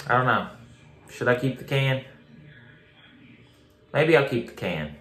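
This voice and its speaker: A man talks straight to his viewers in a casual review. He is blunt and emphatic, repeats words and swears freely. His voice sits at a middle pitch, and the room around him rings with echo. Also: very animated, a little slow, a bit bright. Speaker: beer reviewer. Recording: echoey room.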